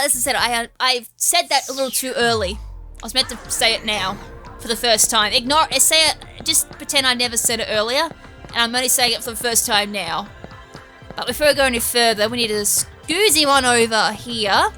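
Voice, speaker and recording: Bright Australian woman gaming chat. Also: fairly high pitch. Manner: rambling, self-deprecating asides. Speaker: gaming YouTuber. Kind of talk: casual let's-play commentary.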